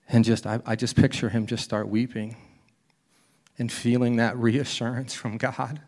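Guy pastor preaching in church, tells the story like he's acting it out, goes way quiet to a whisper sometimes, mid pitch. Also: little pitch movement, normal speed. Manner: storytelling, acting out scenes, whispering God's words. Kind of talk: sermon.

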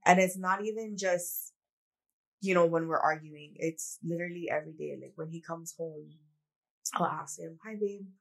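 A woman with a lowish voice hosts a casual podcast chat. She tells personal stories in a candid, reflective way, with lots of "like" and "you know". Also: fairly even intonation, moderate pace, gravelly. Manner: candid, reflective storytelling with many "like"s. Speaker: podcast co-host.

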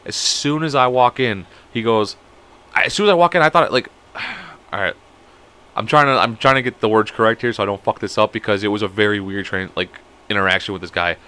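Young man, casual storyteller, quick and bright, swears a lot. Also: on the low side, clear, resonant tone. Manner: rambling, profane, acts out quoted people. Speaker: podcast co-host.

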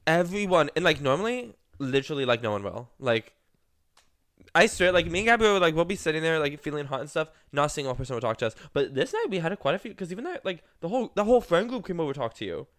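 A young man in casual podcast chat, his voice smooth and clean. He rambles through his stories, packs them with fillers and jumps into animated impressions of the people he met. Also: fairly high pitch, fast, no room sound, studio quality. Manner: rambling, filler-heavy storytelling with many 'like's; animated, acts out quoted people. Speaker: podcast co-host.

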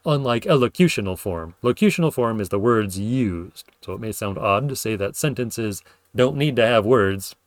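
Low-voiced man explaining ideas casually. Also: expressive, moderate pace, no room sound. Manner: thoughtful, lots of fillers and self-corrections; acts out example sentences with playful intonation. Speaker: podcast host explaining linguistics. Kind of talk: casual spoken lecture.

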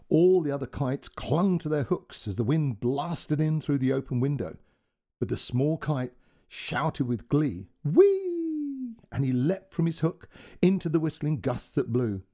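A male storyteller reading a children's tale aloud, gentle and expressive. His voice is mellow and a little husky, with a lively, rising and falling melody. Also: medium pitch, measured pace. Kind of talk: scripted storybook narration.

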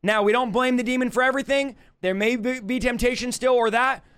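High, smooth-voiced emphatic male preacher. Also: a little fast, a bit bright. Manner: emphatic, repetitive exhortation. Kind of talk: live teaching sermon.

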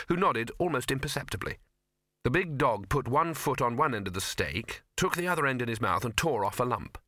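Bright, dry male audiobook narrator. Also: mid-range voice, no echo. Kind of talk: scripted narration.

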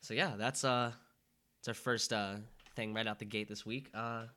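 A man's voice: fairly low pitch, fairly even intonation, normal speed, pushed and bright, clean tone. A young man co-hosting a podcast, chatting casually about sports with lots of fillers and restarts. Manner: rambling, filler-heavy, restarts. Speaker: podcast co-host.

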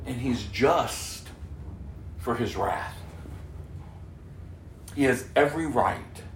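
A pastor preaching an impassioned, emphatic sermon, dropping to a hush and then rising to loud. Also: male voice, mid-range voice, lively intonation, slow, echoey room, recorded from a distance, a little hiss or hum.

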